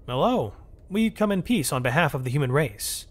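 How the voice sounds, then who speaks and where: A man voicing a friendly human space explorer who talks eagerly and apologetically, pitched above his own voice. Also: sing-song, normal speed. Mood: earnest.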